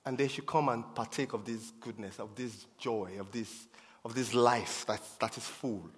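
A man's voice: mid-range voice, fairly even intonation, normal speed. A man preaching a sermon with emphasis, repeating his key phrases for effect. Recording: long reverb of a hall.

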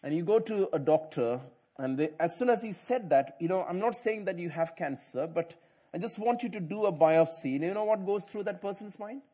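A middle-aged man preaching a sermon as pastor. He tells stories in a quiet, chatty way and rises into loud, emphatic preaching. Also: high voice, lively intonation, fairly quick.

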